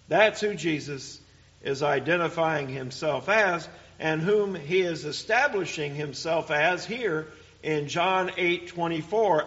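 A man preaching a sermon, teaching deliberately and emphatically and asking rhetorical questions. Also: a little high, bright, forceful tone. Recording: dull lo-fi recording.

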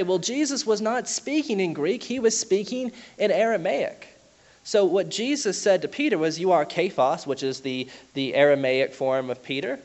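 A man preaching a sermon in a conversational teaching manner, explaining with asides and self-corrections. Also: on the high side.

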